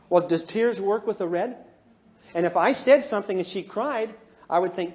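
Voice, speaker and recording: A middle-aged man with a fairly high voice holds a seminar audience with humorous stories. He mocks himself and jumps between quiet, sincere asides and loud, animated bursts. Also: moderate pace. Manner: animated, jokey, self-mocking, swings from hushed to loud. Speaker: counselor giving a seminar talk. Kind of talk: humorous storytelling to a live audience.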